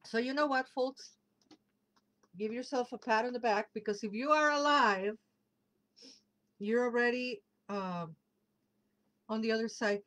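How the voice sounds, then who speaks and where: Woman, livestream host, casual chat, reads comments aloud, slightly high voice. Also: unhurried, pauses often, fairly bright tone, low-quality recording. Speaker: livestream host and tarot reader.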